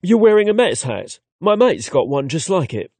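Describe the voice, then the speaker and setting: A man's voice: high voice, big pitch swings, moderate pace, a little mellow, breathy edge, no room sound, pitched above the performer's own voice, full character voice. A man voicing a cheerful young Londoner. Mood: friendly. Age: young adult. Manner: upbeat, chatty, friendly.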